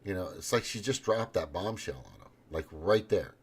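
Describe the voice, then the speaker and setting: Man, podcast host, rambling casual monologue, profane, very low voice, husky. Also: animated, moderate pace. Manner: rambling, profane, many restarts.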